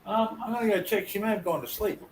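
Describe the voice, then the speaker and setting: A man's voice: high voice, quick pace, a little hiss or hum, rough recording. Offhand man, a bit off-mic. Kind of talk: casual live chat.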